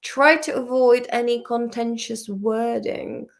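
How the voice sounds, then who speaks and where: Slow, gravelly-voiced woman teaching vocabulary. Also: a little high, fairly even intonation. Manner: chatty, playful, swears and teases the dictionary. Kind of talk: casual study-along vocabulary lesson.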